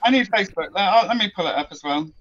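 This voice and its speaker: A man co-hosting a livestream, teasing his partner with quick quips. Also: sits high, animated, a bit bright, no echo, muffled recording. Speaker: co-host. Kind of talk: casual livestream banter.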